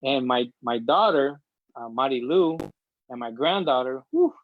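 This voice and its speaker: A man's voice: medium pitch, animated, measured pace, no echo, phone-quality sound. Emotional middle-aged man telling a story. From Chicago. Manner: emotional, chatty storyteller acting out quotes. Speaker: interview guest. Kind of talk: casual storytelling interview.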